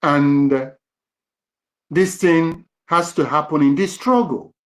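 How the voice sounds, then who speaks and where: A man hosting a live audio room, answering in a measured, preachy way with some restarts. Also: a little high. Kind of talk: measured commentary on a live call.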